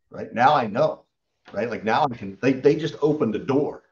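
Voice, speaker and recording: A man who works as a sales coach, answering interview questions and acting out what clients say in lively stories. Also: mid-range voice, normal speed, dull audio. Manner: animated storytelling, acts out client quotes.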